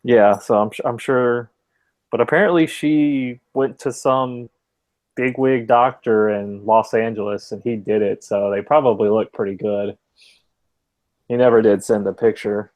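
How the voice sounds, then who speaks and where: A young man in mid-range pitch tells a loose, meandering story on a casual podcast. He swears freely and leans on "like" as he goes. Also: fairly even intonation, a little slow, darkish tone. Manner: rambling anecdotal storytelling, swears freely, frequent "like" fillers. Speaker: podcast co-host telling a story. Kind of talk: casual chat.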